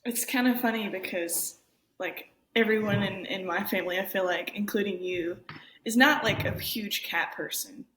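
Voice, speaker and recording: A young woman in her twenties with a faint Southern accent, a guest talking casually in a relaxed way. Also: medium pitch, normal speed, slight background noise. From Arkansas, US South. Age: 20s. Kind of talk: casual chat. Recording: echoey room.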